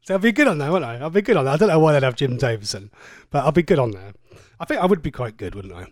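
Cheeky, chatty radio presenter. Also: male voice, fairly high pitch, very animated, very fast, a little mellow, no echo, clean studio sound. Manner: chatty, cheeky and rambling, with frequent stammered restarts. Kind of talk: casual radio chat reading listener messages. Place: radio studio.

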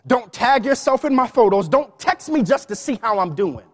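A man preaching a sermon in a lively, playful way, with quick asides and bits of song. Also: very high-pitched, in a large hall. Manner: animated preaching with playful asides and sung snippets.

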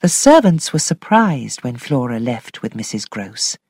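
Woman narrator for a storybook, slow and lively, dry close sound. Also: rumbling low, breathy edge, no room sound. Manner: expressive, slow, sometimes whispered. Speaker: audiobook reader.

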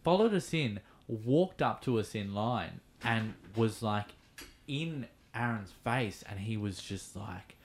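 An Australian man with a low voice reads a news item with fillers, then slips into relaxed storytelling. A faint hiss sits under his voice throughout. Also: takes it slowly. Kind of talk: casual chat, reading a news item.

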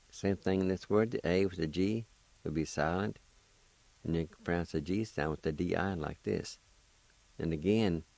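Man, radio language teacher, deep and unhurried, careful spelling and repetition, dry close sound. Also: a little mellow, dry recording. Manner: slow, deliberate, spells and repeats syllables.

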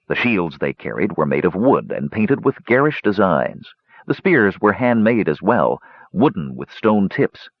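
A man reads a fantasy audiobook in a measured storytelling voice. His voice is very deep and husky, with lively pitch. The recording is dry and muffled. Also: no room sound. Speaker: audiobook narrator. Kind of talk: scripted fantasy narration.

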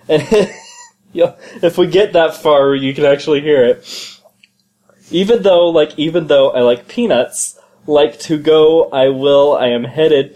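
A man with a slightly high voice, chatting casually and reading messages aloud. He keeps cracking up and laughing as he reads. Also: a little slow, dark tone. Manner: giggly, keeps breaking into laughter.

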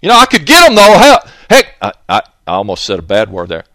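A man's voice: fairly low pitch, huge pitch swings, fast, bright, forceful tone, no room sound, clean studio sound. A man hosting a radio talk show, rambling in a folksy way and chuckling to himself between thoughts.

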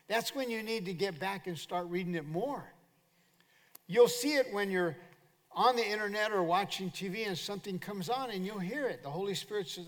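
A man's voice: high-pitched, normal speed. Older male pastor preaching in a hall. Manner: animated preaching with call-and-response to the congregation. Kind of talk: sermon. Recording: long hall reverb.

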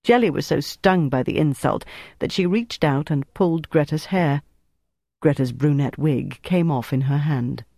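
An audiobook narrator reading a wartime novel in an even, measured way. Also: medium pitch, creaky, no room sound, studio quality. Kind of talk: scripted narration.

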